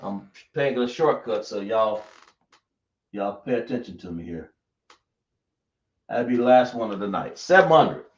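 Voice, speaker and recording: A man's voice: on the low side, lively intonation, moderate pace, pauses often. Man teaching in an echoey room. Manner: drawling, self-correcting, asks the class questions. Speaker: Hebrew teacher. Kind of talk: teaching a class. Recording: echoey, dull lo-fi room recording.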